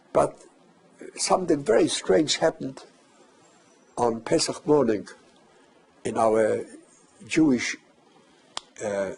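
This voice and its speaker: An older man recounting a personal memory as testimony, measured and halting with pauses. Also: medium pitch, a little mellow, husky. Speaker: survivor giving testimony.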